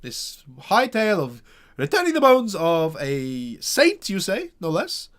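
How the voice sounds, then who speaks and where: A haughty town burgomaster, as a man puts him on for a tabletop game, dragging out his words with scorn. His voice leaps high and loud as he lectures, swinging widely in pitch. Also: huge pitch swings, heavily acted. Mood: scornful. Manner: haughty, drawn-out and dismissive. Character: pompous suspicious male town burgomaster.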